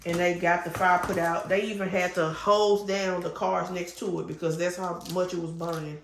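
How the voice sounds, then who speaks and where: A middle-aged woman with a gravelly, creaky voice chats casually to her viewers, rambling and piling up fillers as she tells a story. Her voice rings around an echoey room with a faint hiss behind it. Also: on the low side, normal speed. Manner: gets loud and excited when retelling a scare. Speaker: crafting channel host. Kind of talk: casual chat while crafting.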